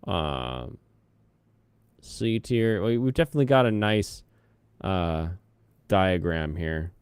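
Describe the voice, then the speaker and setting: Male streamer, lowish smooth voice, dry close sound, loose rambling chat with idle humming. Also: lively intonation, slow pace, no room sound. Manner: rambling, hums to himself between topics. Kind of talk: casual live-stream chat.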